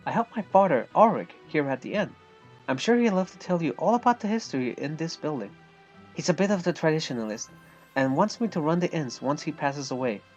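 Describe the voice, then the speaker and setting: A man putting on a young innkeeper's daughter. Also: fairly high pitch.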